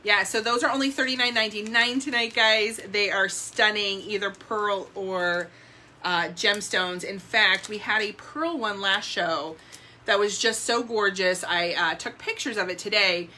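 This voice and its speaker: A woman's voice: medium pitch, a little slow, sharp tone, a little hiss or hum. A woman co-hosting a live jewelry sales stream, gushing and upbeat as she talks to viewers. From New Jersey.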